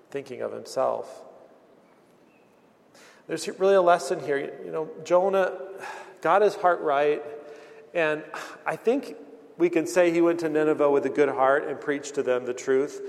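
A man's voice: fairly high pitch, gravelly. A man preaching a sermon in an earnest, plain-spoken way, often restarting his phrases. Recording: long hall reverb.

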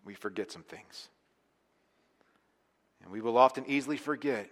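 A man preaching a sermon as pastor, talking conversationally and with emphasis, sometimes falling to a quiet, intense tone. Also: medium pitch, normal speed, long pauses, big-room sound.

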